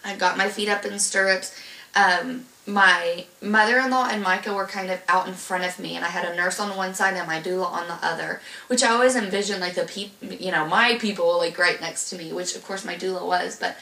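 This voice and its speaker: A woman's voice: on the low side, fairly even intonation, fairly quick, vocal fry, sharp tone, echoey room, far from the mic. A young woman casually telling a long personal story, rambling with lots of fillers and restarts. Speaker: vlogger telling her birth story.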